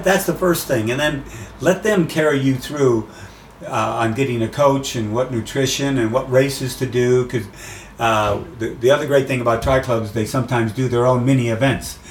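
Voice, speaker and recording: A man speaking as an interview guest in casual conversation, animated, acting out quoted voices as he tells stories. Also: mid-range voice, normal speed, roomy sound, far from the mic, slight background noise, poor audio. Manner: animated storyteller, acts out quotes. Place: outdoors by the sea.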